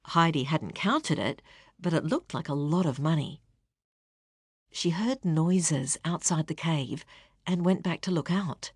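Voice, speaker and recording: A woman narrating an audiobook with a steady, expressive reading. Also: low-pitched, measured pace, husky, dry recording, clean studio sound. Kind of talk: scripted narration.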